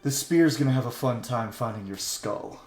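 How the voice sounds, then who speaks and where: A man's voice: medium pitch, normal speed, roomy sound, soft background music, close to an everyday voice. A man voicing a cocky, taunting male dragon-rider commander who mocks his enemies. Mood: boastful. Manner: mocking, swaggering.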